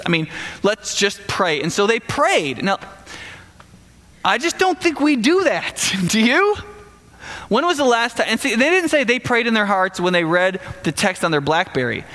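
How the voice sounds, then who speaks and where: A man preaching in a relaxed, conversational way, spinning the story with playful asides and quick acted-out voices. His voice sits high and bright. The sound carries a long reverb, as if from a large hall. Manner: animated storytelling, acts out quotes in bursts. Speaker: pastor. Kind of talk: casual sermon.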